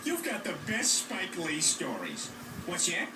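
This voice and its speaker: An actor playing a bumbling middle-aged cartoon family dad, played back from a TV across a room. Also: male voice, sits high, huge pitch swings, measured pace, reverberant, far from the mic, noisy background, heavily acted. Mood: gushing. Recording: TV clip heard from across a room.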